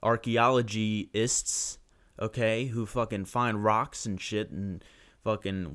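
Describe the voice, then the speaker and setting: A man's voice: on the low side, steady tone, slow pace, a bit bright. A young man ranting profanely and sarcastically through a solo podcast monologue.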